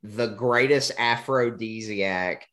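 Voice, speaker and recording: Bright-voiced man joking about movies. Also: fairly low pitch, takes it slowly. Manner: jokey, animated, does silly voices. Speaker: podcast co-host. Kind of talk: casual movie discussion.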